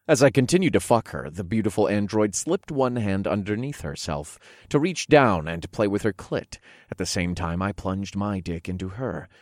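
A man narrating an erotic story in the first person, in a low, hushed, unhurried way, recorded close and dry. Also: animated, dry recording.

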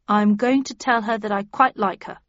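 A woman's voice: on the high side, normal speed, no echo, highs cut off, lightly acted. A woman voicing an earnest, lovestruck young man who speaks hesitantly. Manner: hesitant then resolute.

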